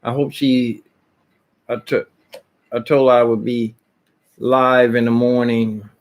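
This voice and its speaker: A man's voice: medium pitch, little pitch movement, slow. A man casually vlogging at home, rambling and jumping between topics with many restarts.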